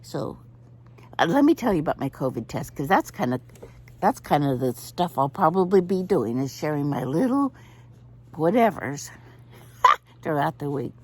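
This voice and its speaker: A woman's voice: sits low, sing-song, moderate pace, pauses often, slightly rough. An older woman chatting to camera outdoors, telling a story with lots of laughter. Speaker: vlogger.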